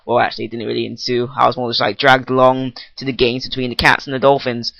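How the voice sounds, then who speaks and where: A man's voice: mid-range voice, flat delivery, fast, gravelly, fairly bright tone, no room sound, dull audio. A teenage boy doing an improvised comic rant while testing his microphone, rambling and goofy, often cutting himself off. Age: teens. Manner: rambling, goofy, self-interrupting. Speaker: vlogger. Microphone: testing a new microphone.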